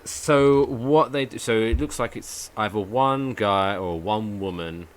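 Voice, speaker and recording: A man co-hosting a podcast in casual chat, telling stories in an animated way with swearing and asides. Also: fairly low pitch, unhurried. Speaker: podcast co-host.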